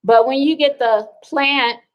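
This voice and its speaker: A woman's voice: sits high, a little slow, highs cut off. A middle-aged woman hosting a wellness livestream, chatting casually and reading out viewer comments with rambling asides.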